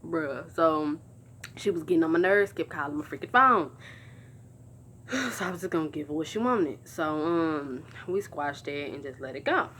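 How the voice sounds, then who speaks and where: A woman in a casual storytime vlog. Her voice sits a little low and has a faint steady hiss behind it. She talks to her viewers in a slangy, animated, chatty way. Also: moderate pace. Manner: addresses viewers directly. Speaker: vlogger telling a personal story.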